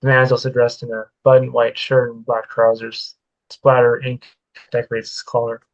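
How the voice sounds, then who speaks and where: A man's voice: mid-range voice, completely flat delivery, normal speed, muffled recording. A man reading his own work-in-progress story aloud in first person, plainly, with occasional stumbles and self-corrections.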